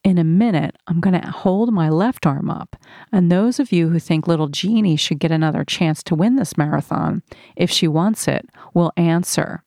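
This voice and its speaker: A woman's voice: lowish voice, normal speed, dark tone, no room sound, clean studio sound, natural voice. A woman reading the lines of a showy middle-aged male dance marathon emcee in an audiobook, with a pleading, rousing showman's patter. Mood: coaxing.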